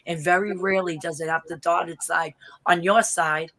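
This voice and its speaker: A woman with a thick Boston accent telling stories in a casual video-call chat, animated and blunt, swearing and laughing often. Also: on the low side, normal speed, low-quality recording. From Boston area, US. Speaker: interview guest.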